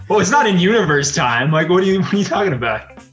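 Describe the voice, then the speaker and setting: A man's voice: high voice, lively intonation, quick pace, a bit bright, soft background music. A man playing a tabletop game, easygoing and a little hesitant. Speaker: player. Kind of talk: casual chat at a tabletop game. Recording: roomy echo.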